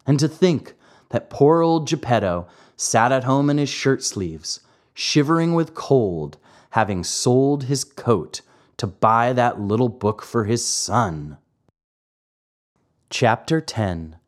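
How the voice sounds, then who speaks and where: A man reading a classic children's story aloud, slow and expressive. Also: fairly low pitch. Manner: slow, expressive, acts out the voices. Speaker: narrator.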